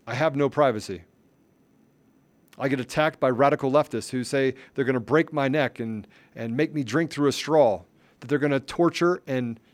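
Guy with a higher voice ranting on his podcast, fired up, keeps repeating himself for punch. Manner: fervent, emphatic, repeats phrases for emphasis. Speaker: podcast host. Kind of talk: impassioned political commentary.

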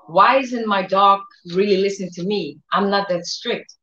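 A woman giving an informal sermon, telling lively stories and acting out what people say in other voices. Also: mid-range voice, moderate pace. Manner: animated storyteller who acts out quotes in other voices. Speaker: preacher. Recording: roomy, dull lo-fi sound.

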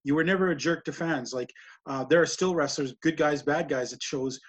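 A man's voice: a little high, brisk, breathy edge. A man hosting an interview, asking rambling, admiring questions with frequent restarts. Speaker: interview host. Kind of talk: casual interview talk.

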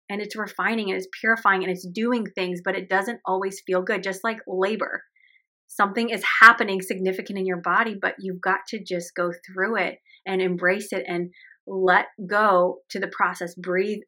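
Bright clear woman, 30s, earnest chatty podcast talk, lots of "like"s. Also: medium pitch. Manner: earnest, emotional, chatty with many "like"s. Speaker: podcast host. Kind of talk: personal faith podcast monologue.

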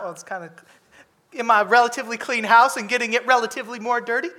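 A man preaching a sermon, lively and humorous, acting out characters with comic voices. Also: extremely high pitch, fast talker.

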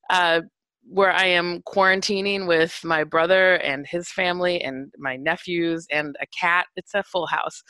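A woman's voice: fairly low pitch, pushed and bright, no room sound. A woman casually telling a personal story in a chatty, wry way with many fillers.

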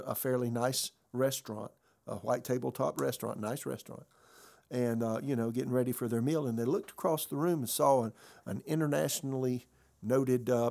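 Gravelly older man preaching earnestly. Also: mid-range voice, warm tone. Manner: earnest storytelling with frequent restarts and repeated words. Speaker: pastor. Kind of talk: conversational sermon podcast.

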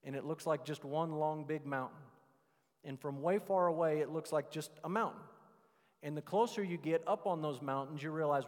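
A man, a pastor preaching a sermon with animated emphasis, stretching out words he wants to stress. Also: on the high side, moderate pace, long reverb tail.

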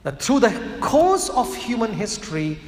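Male priest, sermon, emphatic with slow low key phrases, roomy church sound. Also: very animated. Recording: echoey church hall with long reverb.

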